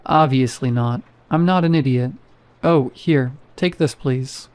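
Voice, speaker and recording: A man voicing an apathetic male night security guard who speaks in a flat, bored monotone. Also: medium pitch, unhurried, smooth, lightly acted.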